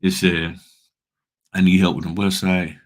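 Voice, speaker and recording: A deep-voiced man from Virginia hosts a casual livestream from his home studio as a notary business coach. Unhurried, he speaks straight to his chat in an animated, slangy, preachy way.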